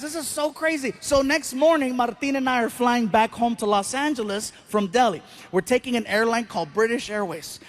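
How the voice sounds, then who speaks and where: A man doing stand-up, telling a story with animated delivery, acting out voices and shouting the punchlines. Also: extremely high pitch. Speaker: stand-up comedian.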